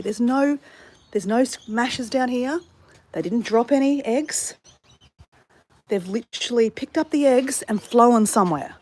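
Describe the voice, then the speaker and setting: A woman's voice: on the high side, measured pace, a little mellow. A woman vlogging in her suburban backyard, chatting and venting with swearing and self-mocking asides, recorded on a handheld phone. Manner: chatty, exasperated ranting with swearing, laughing at herself. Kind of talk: casual vlog chat.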